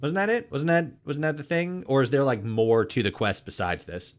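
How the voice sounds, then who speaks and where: A man's voice: mid-range voice, big pitch swings, moderate pace. A young man casually commenting while playing a game, swearing freely, laughing often and thinking aloud.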